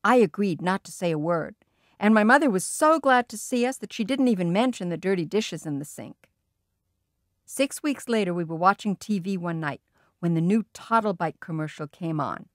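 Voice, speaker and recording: A woman narrating a children's storybook in a lively, expressive way. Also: fairly low pitch, moderate pace, dry recording, clean studio sound. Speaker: audiobook reader.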